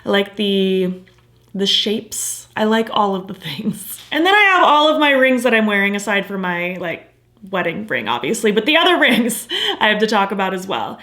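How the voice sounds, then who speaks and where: A woman's voice: mid-range voice, sing-song, moderate pace, pushed and bright. A young woman talks straight to camera in a casual beauty vlog, her voice sitting in a middle register. She gushes with enthusiasm and pads her sentences with fillers and asides, sounding close to a simple home camera mic. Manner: gushing, enthusiastic, filler-heavy. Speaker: beauty vlogger. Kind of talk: casual favorites review.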